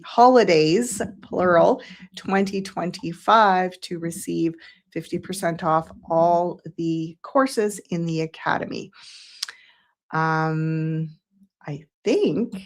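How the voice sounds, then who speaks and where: Slow, effusive woman livestream host. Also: on the low side, gravelly. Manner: warm, effusive, thanks viewers one by one. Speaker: psychic show host. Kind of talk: live stream chat, reading viewer comments.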